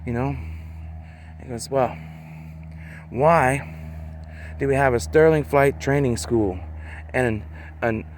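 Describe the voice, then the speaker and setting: A man talking in a loose, rambling monologue, peppering his talk with "man" and "you know" and slowing down to stress words. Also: mid-range voice, a little hiss or hum.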